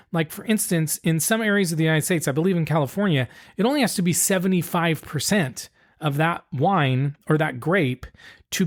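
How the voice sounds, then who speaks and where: A man co-hosting a podcast in casual chat, explaining things in a laid-back, detailed way. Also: a little high. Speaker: podcast co-host.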